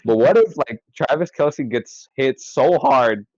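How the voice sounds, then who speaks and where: A young man co-hosting a casual podcast, his pitch bouncing all over as he jokes and swears. His voice sounds close and dry, with a dull, lo-fi tone. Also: a little slow, dry recording. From California. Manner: excitable, swears a lot, laughs often. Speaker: podcast co-host. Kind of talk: casual chat.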